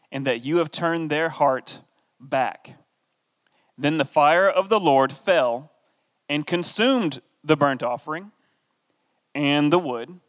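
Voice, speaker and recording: A man teaches from scripture in a relaxed, conversational way, reading verses aloud and then pausing for wry, deadpan asides. His voice sits a little on the high side for a man. Long reverb from the hall trails after each phrase. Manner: reads the passage aloud, then breaks off with wry, joking asides. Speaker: Bible study teacher.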